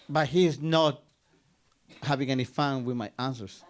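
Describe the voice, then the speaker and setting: A man's voice: medium pitch, fairly even intonation, a little slow, long pauses, slight background noise. A man from Guatemala, telling a personal story on stage and acting out both sides of a conversation.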